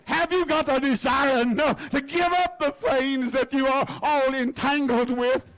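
A man's voice: very high-pitched, steady tone, a little slow, fairly bright tone. A man preaching a sermon, fervent and repetitive, calling on his congregation by name. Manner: fervent preaching, repeating words for emphasis. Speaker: pastor.

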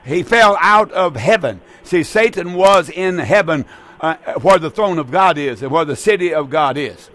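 A man's voice: on the high side, lively intonation, normal speed, fairly bright tone. An older man, preaching urgently on the radio and taking calls, repeating and pleading. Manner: fervent, urgent, repetitive pleading. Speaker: radio preacher and call-in host. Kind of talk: evangelistic radio preaching with call-in.

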